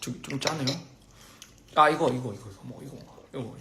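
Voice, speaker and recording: A man chatting casually on a live stream during a meal, playful and halting, repeating phrases as he practices pronunciation. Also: mid-range voice, vocal fry, noisy background. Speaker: livestream host. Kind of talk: casual live-stream chat while eating.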